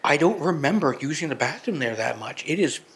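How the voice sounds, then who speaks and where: A man's voice: fairly high pitch, expressive, a little fast, a bit bright, husky. A young man co-hosting a podcast, talking casually and hesitantly, with many trailing fillers. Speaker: podcast co-host. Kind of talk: casual chat.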